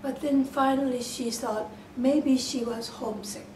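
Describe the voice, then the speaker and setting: A woman's voice: high voice, steady tone, measured pace. A woman retelling a fairy tale for English learners in simple words, hesitant with many fillers and restarts. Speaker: storyteller. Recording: roomy, distant mic, faint hiss.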